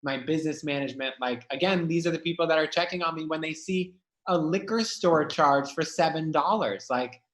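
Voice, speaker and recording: A man's voice: a little high, fairly quick, hardly any pauses, a bit bright, roomy sound. A man, a guest musician in a candid conversation, speaking emphatically and swearing freely.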